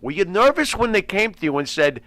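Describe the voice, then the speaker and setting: A male host in casual interview chat, reacting eagerly and laughing often. His pitch is fairly high and swoops widely as he talks. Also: very animated, brisk, bright, forceful tone, no echo. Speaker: podcast host.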